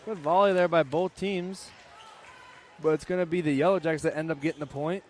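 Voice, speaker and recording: Young man giving relaxed color commentary. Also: fairly high pitch, fairly quick. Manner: relaxed analytical remarks. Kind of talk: high school sports commentary. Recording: faint gym noise behind.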